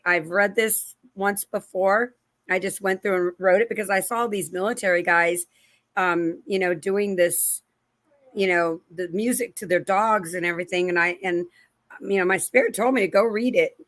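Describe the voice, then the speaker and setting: A middle-aged woman in mid pitch talks straight to her viewers in an unscripted, rambling way. She circles back with restarts and asides, then jumps into lively acted-out voices when she tells a story. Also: no room sound. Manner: animated storyteller, acting out quoted voices. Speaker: channel host. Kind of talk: casual religious commentary to camera.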